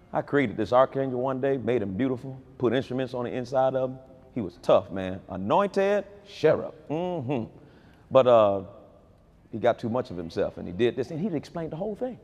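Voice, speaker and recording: Animated preacher man with a swinging delivery. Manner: animated preaching with wide swings in pitch and loudness. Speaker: pastor. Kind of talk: sermon. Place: large convention hall.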